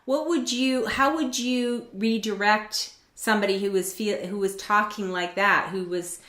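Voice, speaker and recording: A woman hosts a relaxed conversational interview. She talks in a chatty way and drops into quick impressions of what people say. Her voice bounces around a noticeably echoey room. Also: medium pitch. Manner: chatty, acts out quoted voices in dialogue. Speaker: host.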